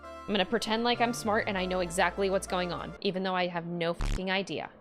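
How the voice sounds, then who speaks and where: A young woman streaming a video game and reacting to it with excitable, jittery commentary and some swearing. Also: on the low side, fast talker. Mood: nervous. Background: game music.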